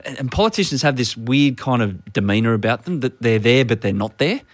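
A man's voice: medium pitch, expressive, fairly quick, no room sound. A middle-aged man who works as a sports commentator, chatting on a podcast and telling anecdotes. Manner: chatty anecdotes with playful impressions. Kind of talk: casual chat.

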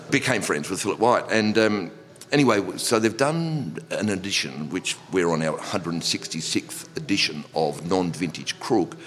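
A middle-aged man, a pub owner, telling stories in a relaxed, rambling way with frequent restarts and laughs. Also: deep voice. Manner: rambling, repeats words and restarts, laughs often. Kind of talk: relaxed storytelling. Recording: long reverb.

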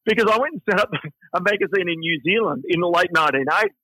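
A man's voice: high voice, quick pace, sharp tone, breathy edge, no echo, rough recording. A middle-aged man with a broad Australian accent, a guest telling stories in a conversational interview. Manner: anecdotal, chatty storyteller. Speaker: guest, finance and media figure.

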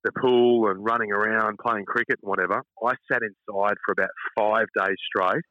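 Chatty Australian man, bright dull line. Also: lowish voice, moderate pace, dry recording. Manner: chatty, animated anecdotes, calls listener mate. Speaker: radio host, interview guest. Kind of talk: casual storytelling interview. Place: outdoors at front of his house.

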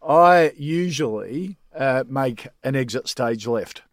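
An older Australian man talks confidently about parenting and grandparenting in a hearty, plain-spoken way. His voice sits at a middling pitch, recorded close and dry. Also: expressive, slow pace, no echo. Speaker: guest panelist. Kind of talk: casual panel chat.

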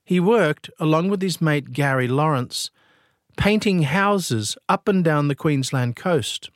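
A man narrating a true-crime story in a grave, deliberate, scripted delivery. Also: on the high side, expressive, no echo, studio quality.

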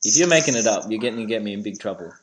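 A man's voice: fairly low pitch, animated, very fast, fairly bright tone, low-quality recording. A man co-hosting a casual sports podcast, joking and laughing, often repeating words as he goes. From Australia. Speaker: podcast co-host.

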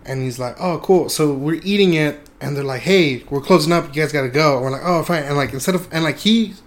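A man's voice: fairly high pitch, a little fast. Laughing young man telling a story. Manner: laughs often, loose and swearing. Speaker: podcast host. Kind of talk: casual storytelling chat.

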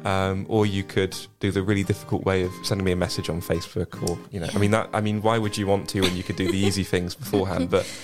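This is a young man guesting on a radio show, his voice very low and his words coming out quickly. He rambles, jokes and fills his talk with "you know" and "like". Music plays clearly behind him. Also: level tone. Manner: rambling and jokey, lots of fillers. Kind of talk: casual radio chat. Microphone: studio microphone.

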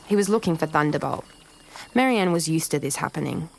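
A woman storyteller giving scripted narration for children in a lively, expressive way. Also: sits low, brisk, gravelly, slight background noise, low-quality recording. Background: soft music.

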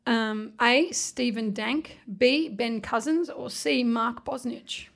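A woman's voice: on the high side, takes it slowly, gravelly, a bit bright. A woman co-hosting a sports podcast, asking quiz questions with frequent giggles. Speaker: podcast co-host, quizmaster. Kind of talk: casual chat.

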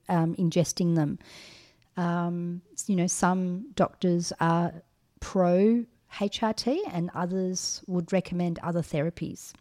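A woman's voice: fairly low pitch, warm tone. A middle-aged woman co-hosting a podcast, giving frank advice in a casual chat with many ums and restarts. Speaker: podcast co-host.

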